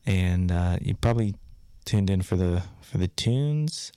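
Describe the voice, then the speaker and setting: A man's voice: sits low, lively intonation, measured pace, mellow, smooth, no room sound. A man hosting a community radio show, chatting casually and joking about his own pronunciation between tracks. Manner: joking, self-mocking announcer. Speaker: radio host. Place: radio studio. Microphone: studio microphone.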